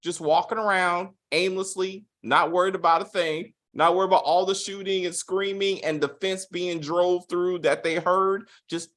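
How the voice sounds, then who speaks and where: A man hosting a casual spoiler review of a TV episode, animated and profane, acting out quotes with big swings in his voice. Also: sits high, moderate pace, hardly any pauses. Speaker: TV review host.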